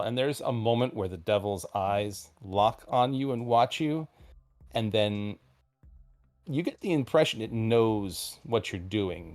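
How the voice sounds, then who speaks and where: A man runs a tabletop game as game master, describing the scene at a slow, measured pace. His voice sits low, and he fills pauses with ums. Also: darkish tone. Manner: unhurried, with many ums.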